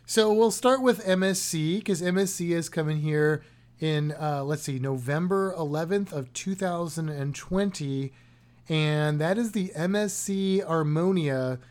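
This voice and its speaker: A podcast co-host chats in a casual, rambling way, cracking jokes as he goes. His voice is a little high with a darkish tone, and he speaks unhurriedly.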